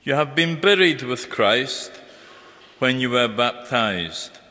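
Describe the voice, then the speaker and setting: Guy reading scripture at church, slow and measured, bright tone, long reverb. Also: medium pitch, lively intonation. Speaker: lector.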